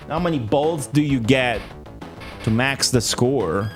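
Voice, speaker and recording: A man streams a retro game and talks to his chat in an unhurried drawl, over game music playing behind him. He rambles, swears freely and laughs a lot, and now and then his voice leaps up in a mock-outraged exclamation. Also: expressive. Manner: rambling, profane, laughs often, bursts into high exclamations. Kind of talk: live gameplay stream chatter.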